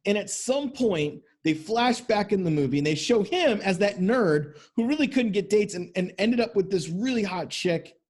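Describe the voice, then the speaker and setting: A man's voice: high-pitched, expressive, normal speed, hardly any pauses, a little mellow. A man hosting a podcast as a men's coach, talking bluntly and emphatically with lots of swearing. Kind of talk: motivational podcast monologue.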